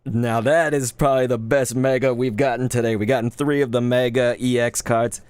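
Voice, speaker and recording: A man in his thirties chatting casually while opening trading cards live, laid-back and quick to get excited. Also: mid-range voice, smooth, no echo. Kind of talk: live card-opening stream chat.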